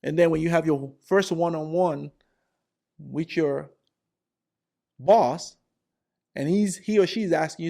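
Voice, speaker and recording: A man in his forties tells office stories as career advice, repeating himself for emphasis. His voice sits a little high for a man, and he keeps slipping into the voices of the coworkers in his stories. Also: slow pace, vocal fry, long pauses, mellow. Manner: repetitive, acts out characters. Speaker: career vlogger. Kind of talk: animated storytelling advice.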